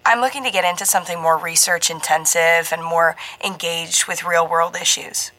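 Narrator voices a wary, older-sounding woman scientist; light hoarseness, faint West Coast accent, bright tone. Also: fairly low pitch, fairly even intonation, normal speed, low-quality recording. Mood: guarded. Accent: faint American West Coast. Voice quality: slightly hoarse.

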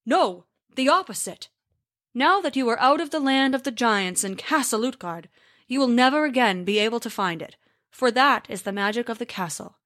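A woman voicing a male giant who calmly explains his tricks in a storybook tale. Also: on the high side, normal speed, no echo, clean studio sound. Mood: explaining. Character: huge cheerful male giant.

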